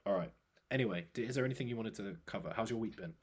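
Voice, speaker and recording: A man's voice: fairly low pitch, very fast, a little hiss or hum. A young man co-hosting a fitness podcast, chatting casually and rambling through stories with lots of fillers. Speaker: podcast co-host, fitness coach. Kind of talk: casual chat.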